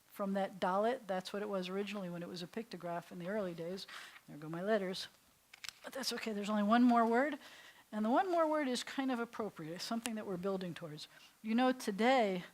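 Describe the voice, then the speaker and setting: An older woman with a New York accent, her voice at a middle pitch, teaches Hebrew in a synagogue classroom. She's chatty and meandering, laughing readily. A little hiss or hum sits under the recording.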